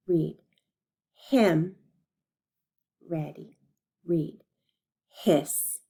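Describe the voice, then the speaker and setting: A woman teacher leading a phonics lesson for young children, slowly modeling and stretching words and encouraging them. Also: fairly low pitch, gravelly, warm tone.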